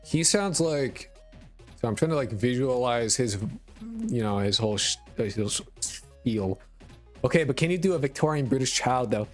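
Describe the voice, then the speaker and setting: With faint music in the background, a man with a mid-range voice talks at a normal speed in an animated way. This rural Connecticut native, mixing New York, Boston and Connecticut in his accent, rambles profanely and self-deprecatingly as he chats casually on a game dev live stream.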